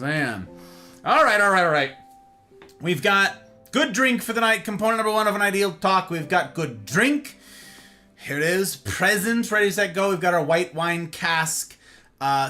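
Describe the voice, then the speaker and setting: A man hosting a casual livestream chat, greeting viewers by name with playful, animated asides. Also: sits high. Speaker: livestream host.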